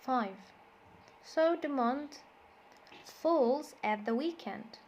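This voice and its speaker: Brief: Egyptian-accented woman teacher, slightly high voice, patient drilling, light hiss behind. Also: animated, very slow, a little mellow. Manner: switches between English and Egyptian Arabic, repeats words to drill stress. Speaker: English teacher. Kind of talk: classroom lesson explanation.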